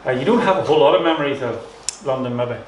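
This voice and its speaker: A man's voice: medium pitch, expressive, very fast, a little hiss or hum. A man with a Northern Irish accent interviewing a guest in a gospel hall, prompting with friendly questions and many fillers. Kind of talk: conversational interview. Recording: echoey hall, mic at a distance.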